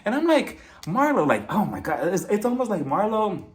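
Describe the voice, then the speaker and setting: A chatty young man talks through a reality show episode like he's gossiping with a friend. His voice sits a little high and swoops up and down a lot, and he keeps dropping exasperated asides. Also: huge pitch swings, moderate pace. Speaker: reality TV reviewer. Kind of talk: casual recap commentary.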